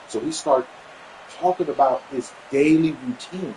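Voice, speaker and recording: Animated man telling a family story. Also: moderate pace, a little hiss or hum, low-quality recording. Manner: animated, acts out quoted dialogue with pitch jumps; repetitive, stumbling restarts. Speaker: vlogger sharing a family update. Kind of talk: casual personal storytelling.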